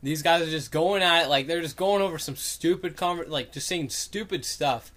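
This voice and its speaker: A man's voice: fairly high pitch, moderate pace, a bit bright. A young man telling a story in casual chat, rambling with lots of fillers and acting out what people said. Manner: rambling, lots of "like" and "um", acts out quotes.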